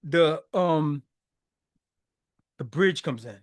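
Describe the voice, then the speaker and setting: A man's voice: on the high side, expressive, takes it slowly, pauses often, fairly bright tone. A man hosting a podcast, talking loosely about a song's lyrics, with slang, repeats and frequent laughs. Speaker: podcast host. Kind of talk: casual commentary on song lyrics.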